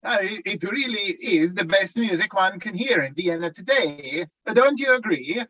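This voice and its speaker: A man's voice: high voice, animated, moderate pace, sharp tone, highs cut off, heavily acted. A man reading a flustered, eager young composer in a table read, stumbling with hesitant fillers. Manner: hesitant, full of "uh"s.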